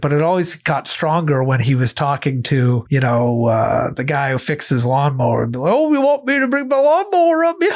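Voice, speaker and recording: A man from Maine with a neutral American accent, chatting casually as an interview guest, rambling and correcting himself as he goes. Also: medium pitch. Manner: rambling, self-correcting, laughs often. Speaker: guest comedian.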